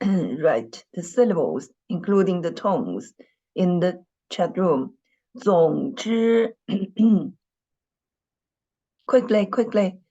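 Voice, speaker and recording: Slow, patient woman teaching by video call. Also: fairly low pitch, animated, mellow, dull audio. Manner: slow, patient, repeats words, often clears throat. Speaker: Mandarin teacher. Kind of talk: online dictation lesson.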